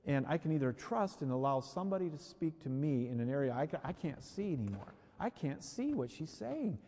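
Animated male preacher in a reverberant hall. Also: a little high, brisk. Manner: emphatic and animated, repeats key phrases and acts out everyday voices. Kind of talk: sermon.

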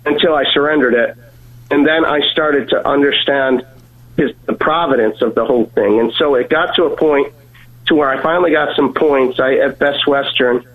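A man on a tinny phone line tells a personal story, his voice a touch high. He talks earnestly and often stumbles and repeats his words. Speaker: guest sharing a testimony.

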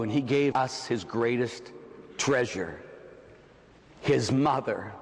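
Male preacher, high fervent voice, slow deliberate delivery, big shouted climaxes. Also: vocal fry, long reverb tail. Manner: fervent, often shouting, dramatic pauses. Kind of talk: impassioned sermon.

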